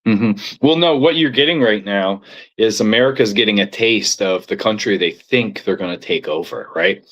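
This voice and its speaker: A man's voice: on the low side, moderate pace, fairly bright tone. Man, laid-back, swears a lot, joking banter. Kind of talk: casual banter.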